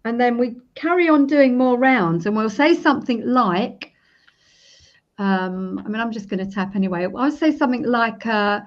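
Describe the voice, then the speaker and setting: A woman in her fifties talks through a tapping routine in a relaxed interview, acting out example phrases as she goes. Her voice sits fairly high, and the recording is dull and lo-fi. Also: moderate pace. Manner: demonstrative, acts out sample self-talk while tapping. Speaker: EFT practitioner, guest. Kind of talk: casual interview.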